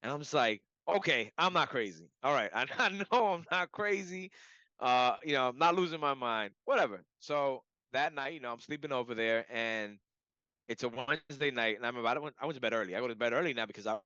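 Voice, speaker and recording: A man telling a personal story in a casual, animated way, full of "like" and "you know". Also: medium pitch, fast, no room sound. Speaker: client giving a testimonial. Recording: dull lo-fi audio.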